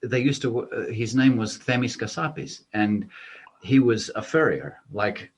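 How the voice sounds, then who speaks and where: Australian man telling animated stories. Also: medium pitch, normal speed, slight background noise. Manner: animated anecdotes with laughter. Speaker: comedian guest. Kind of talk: casual storytelling interview.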